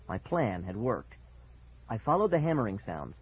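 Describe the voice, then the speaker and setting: A man reading a first-person story aloud with expressive, dramatic delivery and a husky voice. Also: on the low side, moderate pace. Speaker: audiobook narrator. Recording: tinny phone-like sound.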